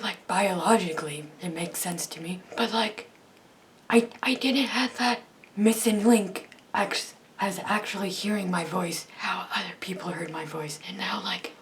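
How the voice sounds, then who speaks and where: A young woman with a raspy, breathy voice chatting casually in a vlog, rambling and cutting herself off with frequent laughs. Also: medium pitch, a little hiss or hum. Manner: rambling, self-interrupting, laughs often. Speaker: YouTuber.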